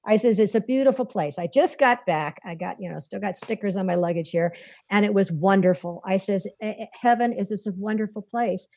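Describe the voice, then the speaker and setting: A woman's voice: medium pitch, brisk, dark tone, no room sound. A woman who is a guest author, telling a story in a rambling, folksy way and laughing often between sentences. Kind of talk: conversational storytelling. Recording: dull lo-fi dry recording.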